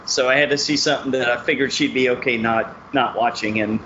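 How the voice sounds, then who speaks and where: A man's voice: mid-range voice, fairly even intonation, a little fast, a bit bright. A man hosting a podcast, chatting in an easygoing way and laughing a lot. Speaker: podcast host. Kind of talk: casual chat. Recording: muffled lo-fi audio with faint room noise.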